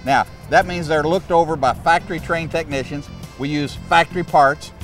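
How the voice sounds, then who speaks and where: A man's voice: on the high side, normal speed, a bit bright, distant mic, soft background music. A man hosting a car dealership show, bantering in a folksy, joking, salesy way. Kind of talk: casual promotional banter.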